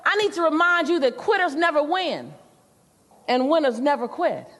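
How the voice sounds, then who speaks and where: A loving old grandmother, put on by a woman speaks slowly and firmly with a high voice, repeating her words to drive them home. The sound carries a long echo from a big hall. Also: big pitch swings, a bit bright. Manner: slow, insistent, repeats herself for emphasis. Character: loving old grandmother, firm and slow-spoken.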